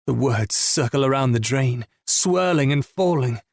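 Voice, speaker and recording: Husky male audiobook narrator. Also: medium pitch, unhurried, few pauses, dry recording, clean studio sound. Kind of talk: first-person romance audiobook narration.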